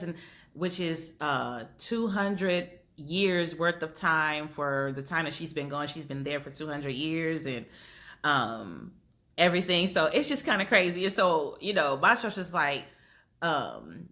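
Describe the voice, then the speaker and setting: Bright-voiced woman recapping a show. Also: lowish voice. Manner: animated storytelling, acting out characters' lines. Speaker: recap host. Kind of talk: casual TV recap chat.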